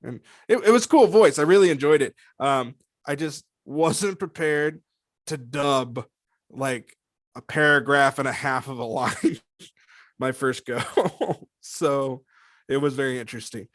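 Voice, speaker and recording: Man, voice actor guest, animated, laughs a lot, very dry close sound. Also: medium pitch, unhurried, dry recording. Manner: animated, laughs often, slips into character voices. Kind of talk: casual interview chat.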